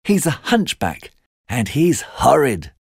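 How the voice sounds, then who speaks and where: A man's voice: mid-range voice, big pitch swings, slow, vocal fry, breathy edge, no echo, clean studio sound, pitched above the performer's own voice, exaggerated voice. A man voicing a teasing young boy who speaks in a mocking, sing-song way in a storybook reading. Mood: gossipy.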